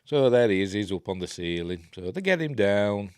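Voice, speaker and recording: A man's voice: on the low side, very animated, normal speed, smooth, no room sound. A man with a Yorkshire accent giving a rambling, jokey running commentary while reviewing a film. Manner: rambling, chatty, jokey asides.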